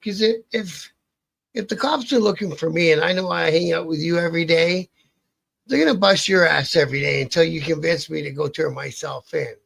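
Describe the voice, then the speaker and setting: A man tells a long, rambling story as an interview guest, cursing casually and tripping over his own sentences. His voice sits fairly high for a man and has a gravelly, husky edge. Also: brisk, a bit bright. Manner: rambling, profane, restarts a lot.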